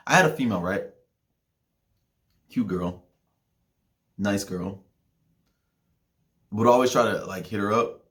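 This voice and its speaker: A young man hosting a podcast, ranting in a heated, profane way, with loud outbursts and low mutters. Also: slow pace, long pauses. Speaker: podcast host.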